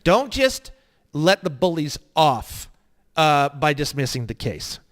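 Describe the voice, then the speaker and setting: A man with a high-pitched voice lectures an online course. He swears freely and rants, sliding from quiet asides into loud, emphatic bursts. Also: very animated, slow. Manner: swearing, ranting, swinging between low mutters and loud emphatic bursts. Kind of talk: heated profane lecture.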